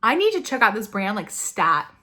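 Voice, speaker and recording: Bright gushing young woman vlogger. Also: medium pitch, moderate pace. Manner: gushing, gasping, breathless excitement. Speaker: beauty vlogger. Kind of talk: excited unboxing chat.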